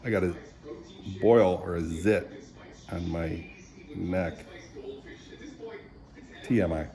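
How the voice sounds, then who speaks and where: A man giving a casual, wandering devotional chat to camera, clearing his throat often and tossing in jokey asides. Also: sits low, takes it slowly, dark tone, low-quality recording. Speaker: vlogger sharing faith reflections.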